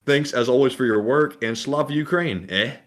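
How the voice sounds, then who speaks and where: A man co-hosting a live stream, reading out viewer donations and messages in a steady, matter-of-fact way. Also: medium pitch, normal speed.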